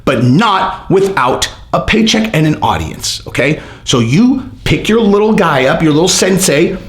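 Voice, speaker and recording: On his own channel, a man reads viewer comments aloud and ridicules them in a loose, sarcastic, animated ramble full of filler words. His voice is a little high and a little slow, and the recording carries a roomy echo.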